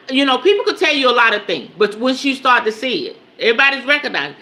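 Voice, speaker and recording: A woman leads a spiritual teaching on a livestream in a bright, forward voice. She speaks casually and directly to her audience, often checking in and repeating her points for emphasis. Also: mid-range voice. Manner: emphatic, repeats key phrases.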